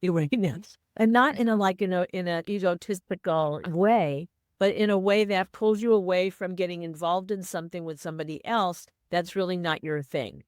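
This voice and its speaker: A woman's voice: on the low side, moderate pace, smooth, no echo, clean studio sound. A woman co-hosting a podcast, speaking earnestly and repeating key phrases for emphasis. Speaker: podcast co-host. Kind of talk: casual chat.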